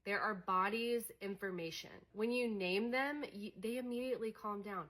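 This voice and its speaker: A woman's voice: medium pitch, normal speed, fairly bright tone. A young adult woman coaching on emotions in a candid, conversational way, with many fillers. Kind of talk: casual teaching monologue.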